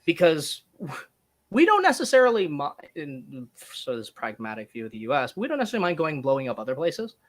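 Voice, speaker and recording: A man's voice: a little high, wildly swooping pitch, a little fast, fairly bright tone. A man talking as a guest in a casual interview, thinking aloud with restarts and small laughs. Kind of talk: casual conversation.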